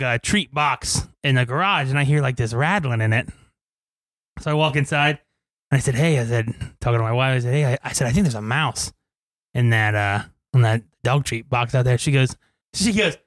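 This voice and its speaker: A man chatting casually on a podcast, telling a story with lots of laughter and swearing. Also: mid-range voice. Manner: animated storyteller, laughs often, swears freely. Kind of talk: casual chat.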